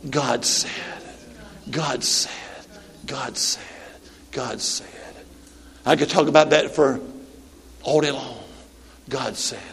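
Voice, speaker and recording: A man in his late sixties with a high-pitched voice preaches a Pentecostal sermon in a church sanctuary. He calls on the congregation for amens and breaks into shouts and sung-out lines. His voice rings with a long hall reverb. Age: 60s.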